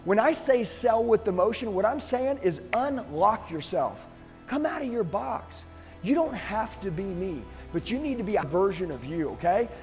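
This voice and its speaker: A man's voice: high voice, expressive, moderate pace, darkish tone, in a large hall, faint music behind. A middle-aged man, a sales trainer, giving an intense, emphatic motivational talk to the camera.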